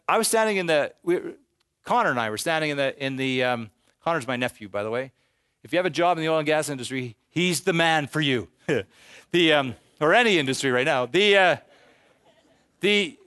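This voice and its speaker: A man giving a live presentation on real estate investing to an audience, animated and joking, sometimes slipping into voices for the people he quotes. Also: fairly high pitch, dry recording, clean studio sound.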